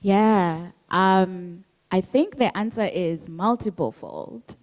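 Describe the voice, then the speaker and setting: A woman's voice: medium pitch, slow. A woman from Zambia, an author answering a book club question in a reflective, earnest way. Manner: reflective, earnest, quotes others in livelier voice. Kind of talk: thoughtful conversational answer.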